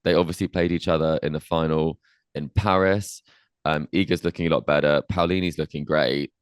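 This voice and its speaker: Low-voiced man co-hosting a tennis podcast. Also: a little fast, smooth, dry recording, studio quality. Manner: relaxed, with many ums and I means. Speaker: podcast co-host. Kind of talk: casual tennis chat and interviewing.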